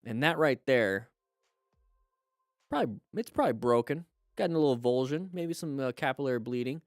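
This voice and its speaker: A man hosting a live stream, reviewing motorcycle crash videos and coaching viewers with lively exclamations. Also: mid-range voice, brisk, no echo, clean studio sound, faint music behind.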